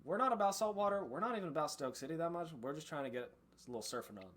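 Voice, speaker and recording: A man's voice: a little high, lively intonation, rapid-fire, fairly bright tone, voice pushed up. A man voicing a laid-back surfer-dude bandit leader who drawls slang and calls everyone dude, in a tabletop game. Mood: scornful.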